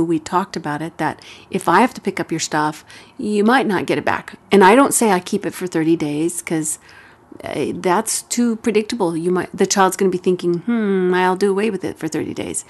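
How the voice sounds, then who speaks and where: Calm woman giving parenting advice. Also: on the low side. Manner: calm, steady, explains step by step. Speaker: parenting radio host. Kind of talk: advice talk.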